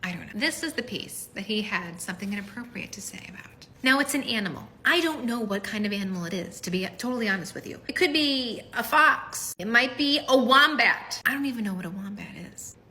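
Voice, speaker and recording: A woman's voice: fairly high pitch, lively intonation, brisk, few pauses, pushed and bright. A woman in her thirties telling funny stories in a casual vlog, chatty and swearing, laughing often. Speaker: vlogger, mom.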